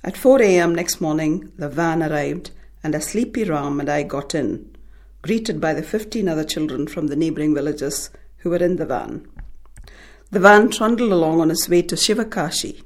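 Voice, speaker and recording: A woman from India, an author, talking about her short story and then reading it in a measured, thoughtful way. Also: deep voice, expressive, a little mellow.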